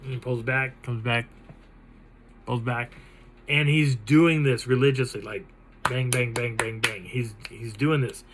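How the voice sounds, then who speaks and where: A man hosting his own channel, telling a personal encounter story in an animated, dramatic way. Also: medium pitch, measured pace, slight background noise, low-quality recording. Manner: animated, dramatic retelling with laughs. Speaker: channel host.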